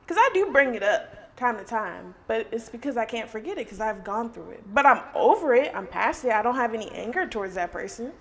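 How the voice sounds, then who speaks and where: Woman on a podcast, kinda high voice, real candid, gets defensive. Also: big pitch swings, fairly quick, hardly any pauses, a bit bright. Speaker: podcast co-host. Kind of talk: casual chat.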